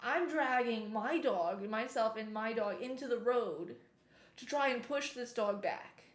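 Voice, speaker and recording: A chatty woman streamer with a slightly high voice tells a long story as she plays, animated and breaking off now and then to comment on the game. Her voice sounds roomy, with a clear echo around it. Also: measured pace. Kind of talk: casual storytelling while gaming.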